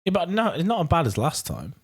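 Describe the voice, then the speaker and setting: A man co-hosting a casual podcast, a little hoarse as he loses his voice, laid-back and self-mocking with quick laughs. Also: fairly high pitch, wildly swooping pitch. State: slightly hoarse, losing his voice. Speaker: podcast co-host. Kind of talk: casual chat.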